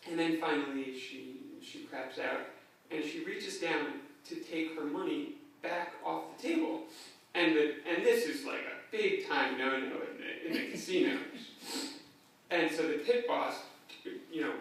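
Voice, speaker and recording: A man's voice: a little high, a little slow, a bit bright. A young man giving a eulogy for his grandmother in a funeral chapel, telling stories casually with fillers. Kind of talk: anecdotal eulogy. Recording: echoey chapel, distant mic, faint noise.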